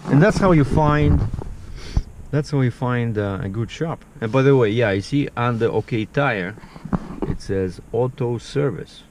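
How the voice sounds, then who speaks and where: Brief: male vlogger, mid-pitched voice, casual and rambling, faint outdoor hiss behind. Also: a little slow, darkish tone. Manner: chatty, filler-heavy, acts out the other people's lines in dialogue. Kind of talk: casual storytelling to camera.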